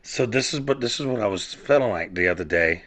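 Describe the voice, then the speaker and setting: Man, podcast host, rambling casual monologue, cussing, lots of fillers, somewhat low voice. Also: animated, a little fast, fairly bright tone. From South Georgia, USA. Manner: rambling, profane, many fillers and restarts.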